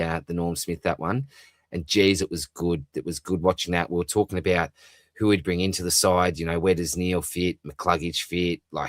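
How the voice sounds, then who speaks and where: A man's voice: low-pitched, no echo. An Australian man hosting a live fantasy football stream, reading chat comments aloud and replying in a chatty, matey way with lots of fillers. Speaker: fantasy football livestream host.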